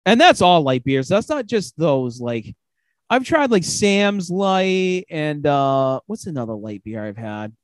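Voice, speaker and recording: A man with a high, lively voice that swings all over the place, talking loosely and a bit slurred in casual drunk chat. He swears freely and keeps breaking into laughter. The sound is dry and close to the mic. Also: measured pace, no room sound. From United States. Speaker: podcast host.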